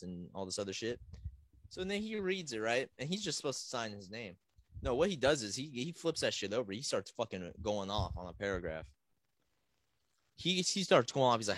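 Animated, profane young man telling stories. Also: mid-range voice, brisk, no room sound. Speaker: podcast co-host. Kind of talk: casual storytelling.

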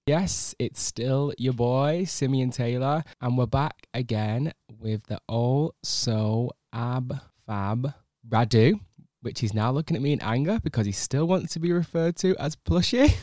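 Male podcast host, teasing and chatty, mid pitch, dry close sound. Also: a little slow, mellow, dry recording. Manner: playful, teasing, laughs often. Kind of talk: casual chat.

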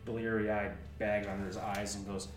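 A man narrating a tabletop game as game master, animated, stumbling over words and laughing. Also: fairly low pitch, moderate pace, echoey room, far from the mic, soft background music.

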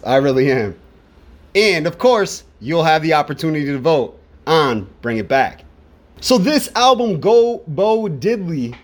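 A man casually talking through an album track by track, repeating words for emphasis. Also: sits high. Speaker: music reviewer. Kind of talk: casual spoken album review.

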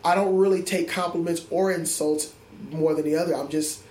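A man's voice: a little high, steady tone, fairly quick, a little mellow. A man, a middle school music teacher, talking earnestly and reflectively in an interview, often restarting his sentences. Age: adult. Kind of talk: interview conversation. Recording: echoey room with faint ambience.

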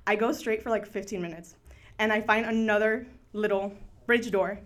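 Speaking at a normal speed with a steady tone, this young student storyteller has a mid-range voice. She chats casually, filling her story with "like" and dropping in occasional Spanish words.

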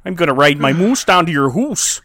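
A man's voice: fairly high pitch, lively intonation, moderate pace, bright, forceful tone, full character voice. A man putting on an older Montreal mobster with a Canadian accent, stretching his vowels and tacking on "eh" and "don't you know.". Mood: blustering. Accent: put-on Canadian. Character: older male Montreal mobster, menacing, folksy.

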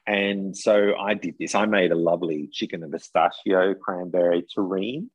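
A man, co-hosting a casual podcast and telling animated, jokey stories. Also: low voice, normal speed, husky, dry recording, lo-fi sound. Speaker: podcast co-host, former cooking show contestant. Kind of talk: casual chat.

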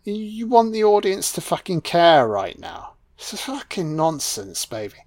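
A man's voice: high voice, sing-song, moderate pace, dry recording. A man giving a sarcastic, mocking film commentary rant and swearing constantly.

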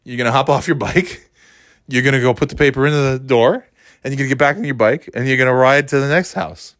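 A man's voice: medium pitch, fast talker, a bit bright, no echo, studio quality. A man telling a casual, rambling story about his past, often interrupting himself and laughing.

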